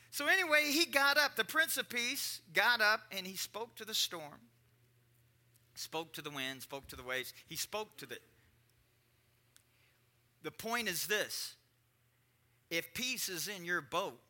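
A man preaching a conversational sermon, repeating lines and swinging between quiet and emphatic delivery. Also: high-pitched, animated, moderate pace. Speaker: pastor.

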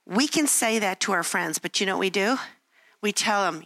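Bright-voiced older woman sharing stories. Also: mid-range voice, expressive, brisk. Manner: candid, self-deprecating storytelling with acted-out quotes. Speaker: Christian speaker. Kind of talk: personal devotional talk.

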